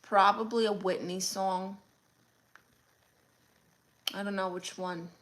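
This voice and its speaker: A woman's voice: mid-range voice, fairly even intonation, slow, fairly bright tone. A woman with a Brooklyn accent, hosting a live stream and answering chat comments one by one with sassy, blunt comebacks. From Brooklyn, New York.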